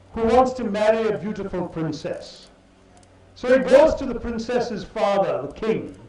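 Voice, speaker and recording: A man delivering a ceremonial speech to students, telling a story in a measured, oratorical way with dramatic pauses. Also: sits high, a little mellow. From India. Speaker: chief guest speaker. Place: large hall. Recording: echoey hall, from far off.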